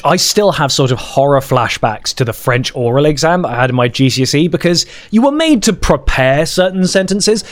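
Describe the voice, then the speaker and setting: A young man, hosting a casual podcast and telling school stories in an animated way. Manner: animated storytelling, swooping pitch. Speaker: podcast host. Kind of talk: casual chat.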